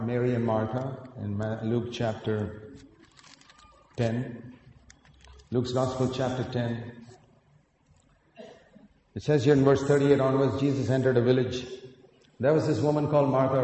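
A man preaching a sermon with earnest storytelling, climbing to emphatic peaks and then dropping quiet. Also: mid-range voice, slight background noise. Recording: echoey hall, picked up from a distance.

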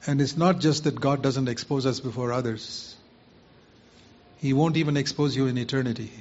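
A man's voice: mid-range voice, moderate pace, darkish tone. A man preaching a sermon, earnestly putting rhetorical questions to his listeners. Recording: muffled lo-fi recording.

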